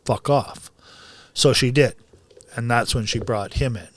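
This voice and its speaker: A man's voice: mid-range voice, unhurried, a bit bright, no echo. A man who coaches boxing, talking bluntly and with lots of swearing in a casual podcast chat, often heated.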